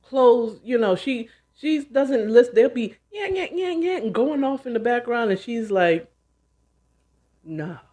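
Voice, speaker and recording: A woman host casually retelling a novel she's reading, with chatty, animated asides. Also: on the high side, moderate pace, hardly any pauses. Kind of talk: casual book retelling and commentary.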